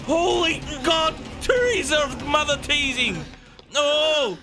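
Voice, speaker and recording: Loud, foul-mouthed male streamer with a high, animated voice; music heard behind. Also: takes it slowly, long pauses. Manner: loud, shouting and swearing at the game. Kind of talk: live gameplay commentary. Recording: game music playing behind.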